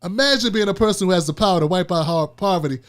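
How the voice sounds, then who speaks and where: Male commentary host, high voice, animated, casual, repeats his points. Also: fast talker. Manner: animated, repetitive, street-casual. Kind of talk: political commentary show.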